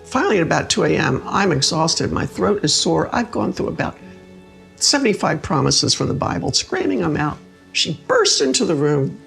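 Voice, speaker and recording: An older woman tells her stories with a gravelly edge to her voice. She speaks as a guest in a relaxed conversation and acts out every quoted line with feeling. Soft music plays faintly behind her. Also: low voice, moderate pace. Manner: expressive, acts out quoted speech. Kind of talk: conversational storytelling.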